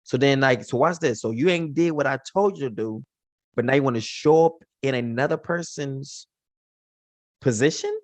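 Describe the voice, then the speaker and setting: A man's voice: mid-range voice, normal speed, dry recording. A man teaching from the Bible in an informal, slangy way, acting out the characters' lines as he retells the stories.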